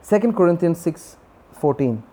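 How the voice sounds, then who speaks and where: A man's voice: a little high, animated, moderate pace, dark tone. A man preaching a sermon, repeating key phrases and putting questions to his listeners. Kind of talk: sermon teaching.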